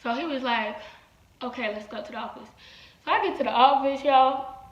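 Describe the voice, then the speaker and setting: A nineteen-year-old woman telling a story in casual vlog style, animated and full of "like" and "y'all," recorded on a phone camera. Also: high voice, moderate pace. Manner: animated, quotes people in her retelling, lots of "like" and "y'all". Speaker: vlogger. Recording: echoey room, dull lo-fi sound.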